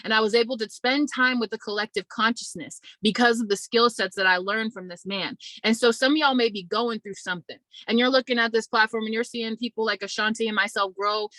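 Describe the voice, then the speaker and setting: Young woman host, bright and chatty, giving a testimonial in a dry room. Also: on the high side, no echo, low-quality recording. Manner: chatty, testimonial, addresses viewers as y'all. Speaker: online business community host. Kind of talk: casual motivational talk to viewers.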